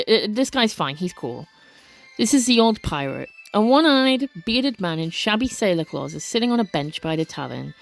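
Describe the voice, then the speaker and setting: A woman narrating a story game in a casual, chatty way, reading aloud and often correcting herself. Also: a little high. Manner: chatty, self-correcting, stumbles over words. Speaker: let's play narrator.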